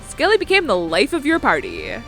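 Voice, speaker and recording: A woman's voice: high voice, wildly swooping pitch, a little fast, gravelly, a bit bright, faint music behind. Chatty woman narrating gameplay. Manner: chatty, rambling, lots of fillers. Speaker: video game let's player. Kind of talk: casual gameplay commentary.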